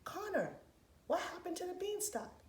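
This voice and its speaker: A woman's voice: big pitch swings, moderate pace, slight background noise. A woman voicing an exasperated, scolding mom in a storybook tale, in a roomy, echoey room. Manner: high, loud, disbelieving.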